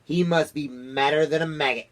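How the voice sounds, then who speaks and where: A man in falsetto as a fawning chief spy. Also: steady tone, normal speed, close to an everyday voice. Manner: high falsetto, eager.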